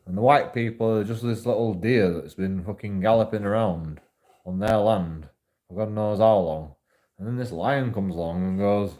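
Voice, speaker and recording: A man's voice: lowish voice, normal speed, mellow. A man rambling through a profane monologue to camera, repeating himself often. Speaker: vlogger.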